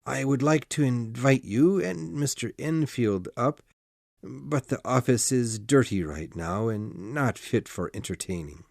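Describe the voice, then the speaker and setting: A woman voicing a troubled, frightened gentleman doctor in an audiobook, speaking slowly in a lowered, strained voice. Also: lively intonation, gravelly, dry recording, studio quality, heavily acted. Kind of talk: audiobook character voice.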